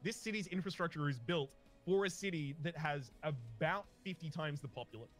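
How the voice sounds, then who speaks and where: Host brief: man, highish voice, bouncy storyteller, faint music underneath. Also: a little fast. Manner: animated rambling storyteller. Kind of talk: casual chat while gaming.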